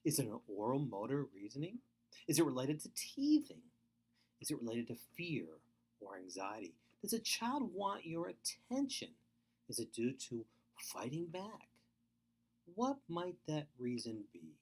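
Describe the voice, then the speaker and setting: Middle-aged male webinar presenter, earnest and emphatic, very lively pitch. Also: a little slow, slightly rough. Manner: earnest, emphatic, repeats points. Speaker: foster care speaker. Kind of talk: webinar lecture.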